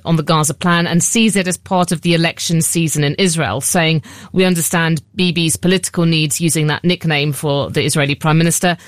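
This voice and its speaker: A woman reporting as a Middle East news correspondent, speaking in a measured, analytical way with occasional fillers. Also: lowish voice, no room sound, clean studio sound.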